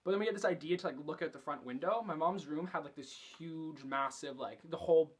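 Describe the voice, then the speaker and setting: A man's voice: fairly high pitch, brisk, breathy edge. A young man vlogging, telling a story casually and chattily, swearing a lot and filling every sentence with fillers. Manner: chatty, profane, filler-heavy.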